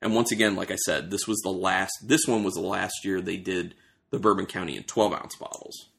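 A man's voice: low voice, fairly even intonation, fairly quick, creaky, fairly bright tone. A man hosting a casual beer tasting, describing aroma and flavor as he thinks aloud. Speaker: beer reviewer host.

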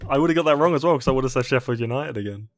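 A man's voice: mid-range voice, very fast. Hesitant man guessing quiz answers. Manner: hesitant, fills with ums, laughs easily. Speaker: quiz contestant. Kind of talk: casual chat.

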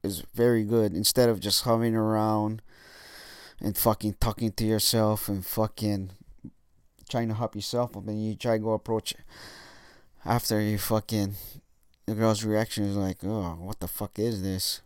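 A man's voice: on the low side, little pitch movement, moderate pace, smooth, dry recording, studio quality. A young man giving casual dating tips in a monologue, swearing often and using lots of fillers. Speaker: dating coach vlogger.

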